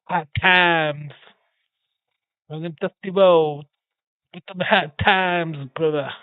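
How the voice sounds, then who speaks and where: A man's voice: on the high side, steady tone, slow pace, clear, resonant tone, no room sound, voice pushed up. A man doing a drawling old-school wrestler impression. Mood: boastful. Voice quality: drawling, repeats "brother". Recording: tinny phone-like dry sound.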